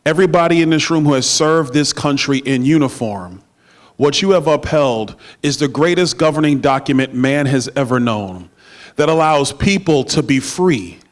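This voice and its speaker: At a party dinner in a banquet room, a middle-aged political speaker delivers a campaign stump speech into a handheld microphone. His voice is a little high, animated, and moderately paced, mixing emphatic oratory with playful banter with the crowd.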